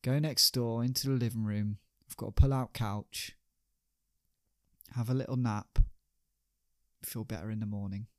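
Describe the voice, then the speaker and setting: A man's voice: fairly low pitch, fairly even intonation, normal speed, pauses often, dry recording, studio quality, lightly acted. A man doing a cheeky, breezy playwright. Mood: soothing. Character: cheeky, easygoing male playwright friend, a poor liar.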